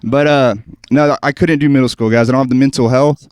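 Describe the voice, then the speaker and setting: Smooth-voiced self-deprecating man. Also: mid-range voice, fairly even intonation, fairly quick, a little mellow, no room sound. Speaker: schoolteacher and comedian. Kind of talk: stand-up set on a podcast. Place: podcast studio.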